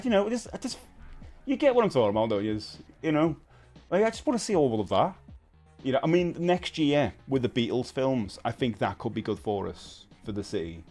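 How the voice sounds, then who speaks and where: A man's voice: medium pitch, darkish tone. Chatty British man hosting a live stream. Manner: chatty, laughs often, many fillers and restarts. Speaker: livestream host. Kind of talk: casual chat reading viewer comments.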